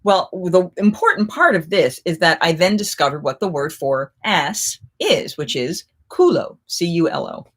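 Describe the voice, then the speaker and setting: A middle-aged woman, a festival performer, hosting a live chat and telling lively anecdotes in a casual way, often getting suddenly louder. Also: on the low side, measured pace, hardly any pauses, husky. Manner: animated, with sudden jumps in loudness.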